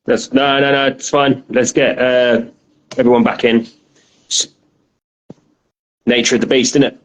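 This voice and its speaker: A man's voice: mid-range voice, level tone, low-quality recording. A man co-hosting a podcast, chatting casually and laughing easily on a call from his home kitchen. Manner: slow, gravelly, laughing easily. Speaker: podcast co-host. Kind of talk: casual chat.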